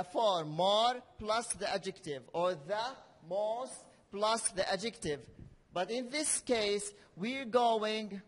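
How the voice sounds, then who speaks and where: Slow, high-voiced man teaching grammar. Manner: slow, repeats key words for learners. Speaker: English teacher. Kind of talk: classroom grammar lesson. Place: classroom. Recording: reverberant classroom hall.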